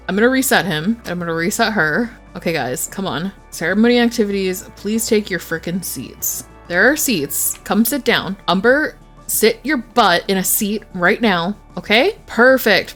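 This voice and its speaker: Brief: woman gaming YouTuber, casual Let's Play commentary, chatty and excitable, medium pitch, soft game music underneath. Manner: chatty, excitable, squeals when delighted.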